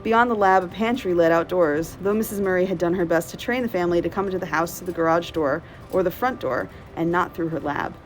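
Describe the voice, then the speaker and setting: A woman librarian reading a novel aloud in steady, clear narration. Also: fairly low pitch, brisk, hardly any pauses, faint music behind, low-quality recording.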